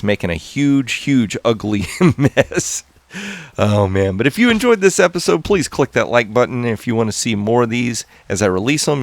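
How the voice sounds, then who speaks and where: Male let's-play host, excitable and chatty, low voice that swings widely. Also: no echo. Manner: excitable, talks to viewers while playing. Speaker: gaming channel host. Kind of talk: casual gameplay commentary.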